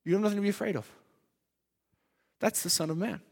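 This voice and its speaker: Speaking fairly quickly with a creaky, high-pitched voice, a male preacher delivers a sermon in a church hall. He moves from loud, emphatic statements to soft, hushed asides, and the hall adds a long reverb.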